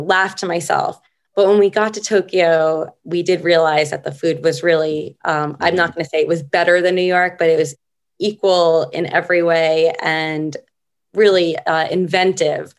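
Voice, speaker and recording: A middle-aged woman talks as a guest on a podcast in a casual interview. Her voice sits a little low, and she tells her stories in an unhurried, reflective way.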